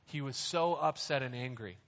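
A man preaching a sermon, explaining scripture in plain, conversational words and speaking slowly and deliberately. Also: medium pitch, fairly bright tone. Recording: reverberant hall, dull lo-fi sound.

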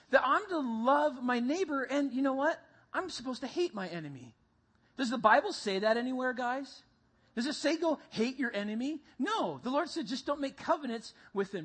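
Preacher, husky, punchy repetition, talks straight to the congregation. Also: medium pitch, fairly bright tone. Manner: emphatic, repeats key lines, addresses audience as guys. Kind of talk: sermon.

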